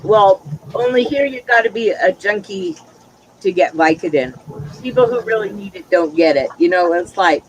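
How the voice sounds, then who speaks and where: Man with a high voice, frank casual chatter, exasperated storyteller. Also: lively intonation, moderate pace, slight background noise, poor audio. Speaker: livestream chat participant. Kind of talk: casual group chat.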